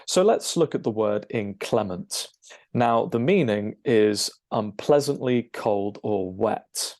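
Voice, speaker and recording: A man's voice: fairly low pitch, lively intonation, slow pace, a little mellow. Man teaching with lots of "okay?". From United Kingdom. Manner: explanatory, frequent "okay?" check-ins and "um" fillers. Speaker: English teacher. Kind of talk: online lesson with screen share.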